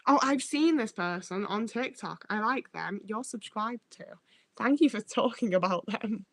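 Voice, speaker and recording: A woman's voice: mid-range voice, lively intonation, moderate pace, fairly bright tone, dry recording. A woman livestreaming who reads out chat as she goes. She rambles, swears freely and trips over her own words.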